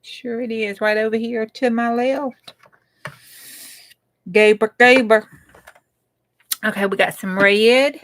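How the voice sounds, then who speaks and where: Slow, drawling woman crafting. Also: a little high, a bit bright, no echo. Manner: chatty, drawling, often dropping to a whisper. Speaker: craft channel host. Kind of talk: casual crafting chat.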